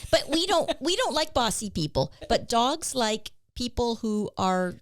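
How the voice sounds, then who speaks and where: A woman's voice: fairly high pitch, sing-song, unhurried, no echo, studio quality. A woman co-hosting a dog training podcast, talking bluntly and animatedly, with frequent agreeing fillers. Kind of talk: casual podcast conversation.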